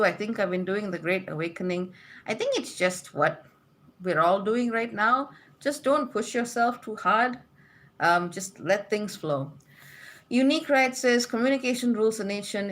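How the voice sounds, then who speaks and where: A woman's voice: mid-range voice, moderate pace, a bit bright. A woman hosting a casual livestream from home, reading viewer comments aloud and chatting back with frequent laughs.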